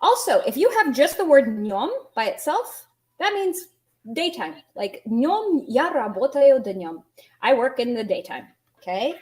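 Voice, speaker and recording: Woman, language teacher, fairly high voice, patient and chatty, quizzes viewers as she explains. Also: very animated, a little mellow. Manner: patient, explains slowly, asks students questions. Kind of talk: online language lesson.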